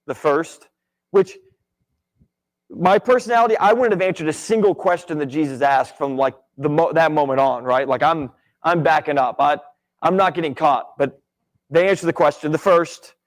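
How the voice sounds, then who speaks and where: A man's voice: on the high side, normal speed. A man teaching a Bible class at church in a casual, conversational way, often checking in with "right?". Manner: conversational, many "right?" and "like" asides.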